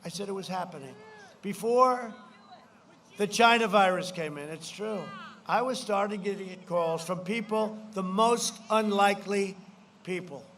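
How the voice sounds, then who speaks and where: A man giving a campaign rally speech at a podium microphone. He rambles and repeats himself, mimics his opponents mockingly, and breaks into shouted punchlines. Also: sits high, a little slow, a little hiss or hum. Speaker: politician addressing a rally. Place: large political rally.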